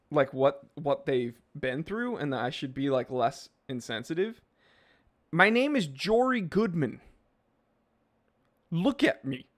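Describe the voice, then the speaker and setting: A man hosting a casual live stream, reading out comments and joking in a loose, rambling way. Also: fairly high pitch.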